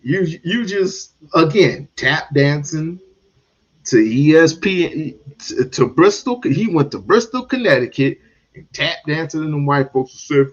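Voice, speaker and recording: A man's voice: a little high, measured pace. A man hosting a show, ranting about sports and culture in a sarcastic, mocking way. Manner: animated, sarcastic, mocking asides. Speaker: podcast host. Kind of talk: opinionated sports commentary rant. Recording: dull lo-fi stream audio.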